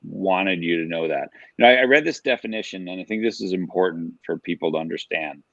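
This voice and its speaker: Deep-voiced coach guy on a podcast, earnest, dry kinda muffled mic. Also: a little fast, fairly bright tone, no room sound. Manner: earnest, conversational, uses examples. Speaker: author and youth sports coach. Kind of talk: casual interview chat.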